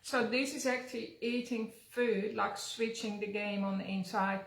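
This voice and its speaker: A woman's voice: medium pitch, fairly even intonation, moderate pace, gravelly. A woman hosting a casual health chat, talking loosely with fillers. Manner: chatty, uses fillers like "like" and "um". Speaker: wellness centre host. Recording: echoey room.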